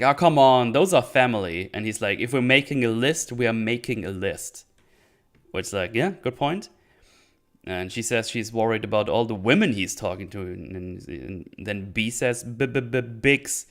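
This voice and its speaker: A man hosting his own show, casually retelling scenes with filler words and quick quoted lines. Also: fairly low pitch, a bit bright, smooth. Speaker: podcast host recapping a series. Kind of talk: casual chat.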